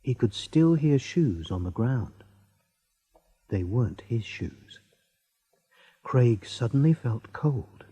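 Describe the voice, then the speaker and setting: Slow deliberate male story narrator. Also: mid-range voice, animated, mellow, husky, no room sound, highs cut off. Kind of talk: slow graded-reader narration.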